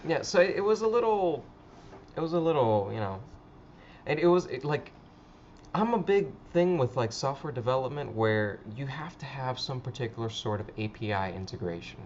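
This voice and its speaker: A man's voice: medium pitch, lively intonation, normal speed, highs cut off, a little hiss or hum. A man hosting a casual livestream chat, rambling with frequent stammers and swearing. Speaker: livestream host.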